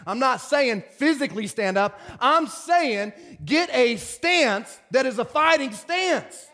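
A man preaching a lively sermon as pastor, swinging from loud bursts to hushed whispers. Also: very high-pitched, slow.

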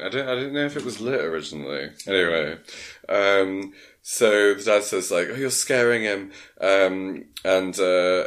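A man's voice: sits low, fairly bright tone. A man, co-hosting a podcast, casually recapping a film plot in a rambling way, full of fillers.

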